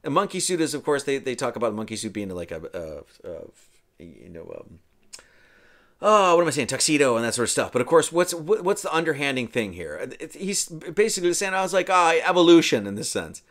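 A man's voice: mid-range voice, big pitch swings, brisk, a bit bright. A man giving a casual, rambling film commentary, full of "you know" and "right?".

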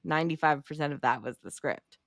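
A woman's voice: deep voice, fairly quick, dry recording, clean studio sound. A young woman co-hosting a podcast, chatting casually about movies with lots of laughter and swearing. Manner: animated, laughing, heavy swearing. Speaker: podcast co-host.

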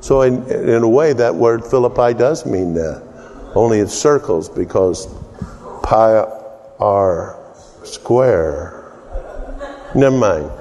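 A man's voice: medium pitch, normal speed, warm tone. A man preaching a teaching sermon in a folksy way, joking with the congregation and often repeating words as he restarts. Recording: long reverb of a hall.

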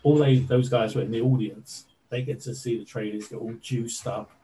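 A man being interviewed, telling a story in a casual, animated way with lots of fillers. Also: medium pitch, normal speed, a little hiss or hum, rough recording. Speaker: interview guest.

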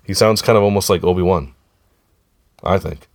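A man with a hoarse, froggy voice from a sore throat, hosting a casual podcast chat with kids and often asking them if they remember. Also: low voice, normal speed, crowd noise. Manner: chatty, keeps asking the listeners if they remember. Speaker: podcast host.

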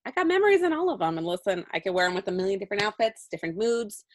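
A woman's voice: mid-range voice, animated, racing. A young woman co-hosting a podcast, chatty and playful, giggling between remarks. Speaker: podcast co-host. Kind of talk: casual chat.

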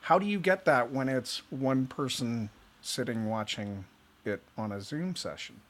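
A man co-hosting a chat about virtual events, speaking in a measured way and slowing down to stress points. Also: mid-range voice, a bit bright. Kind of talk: casual interview chat.

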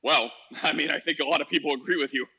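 A man's voice: fairly high pitch, steady tone, quick pace, vocal fry, bright, forceful tone, breathy edge, highs cut off. A man hosting a casual call-in podcast, talking animatedly and acting out quoted voices. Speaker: podcast host.

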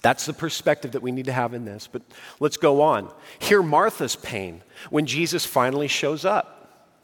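A man delivers a sermon at a middle pitch, his voice ringing out into a large hall with a long echo. He talks dramatically, sinking to near-hushed lines and then pushing up into loud, emphatic bursts. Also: lively intonation, normal speed. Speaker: pastor.

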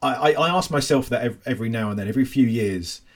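A man in his forties hosting a podcast, reflective and rambling, with halting restarts. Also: mid-range voice. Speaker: podcast host. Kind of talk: casual chat.

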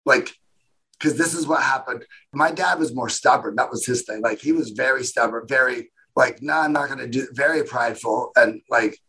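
A man speaks as an interview guest, his voice husky and a little breathy. He rambles through his story with animation and slips into the voices of the people in it. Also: mid-range voice, moderate pace, bright, forceful tone, poor audio.

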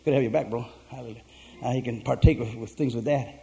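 Rambling pastor, mellow voice. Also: male voice, mid-range voice, steady tone, fast talker, vocal fry. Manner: rambling, many fillers and restarts, acts out quotes. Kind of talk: casual sermon storytelling.

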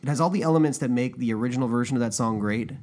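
A man's voice: medium pitch, very fast, noisy background. A man co-hosting a podcast, chatting casually and enthusiastically, with many fillers and restarts. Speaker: podcast co-host. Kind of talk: casual chat.

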